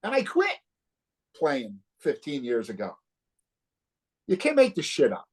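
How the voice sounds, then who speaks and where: Animated, profane storytelling man. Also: medium pitch, unhurried, breathy edge. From New Jersey. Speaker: guest guitarist. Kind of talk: casual interview storytelling.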